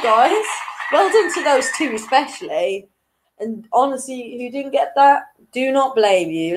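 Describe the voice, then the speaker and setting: Slow, chatty young woman hosting a quiz. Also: fairly high pitch, rough recording. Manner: chatty, chuckles between questions. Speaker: quiz host. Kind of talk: casual live quiz hosting.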